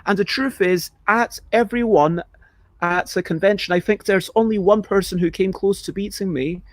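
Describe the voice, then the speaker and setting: A livestream host with a fairly high male voice answers viewer questions in a casual, chatty way at a moderate pace. He rambles, interrupts himself, and sometimes acts out panicked reactions. The audio is close and dry, with no room echo.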